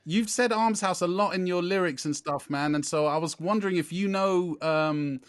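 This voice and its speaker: A man co-hosting a podcast in casual chat, relaxed and easygoing, with a slangy way of talking. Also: sits high, normal speed, dry recording. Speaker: podcast co-host.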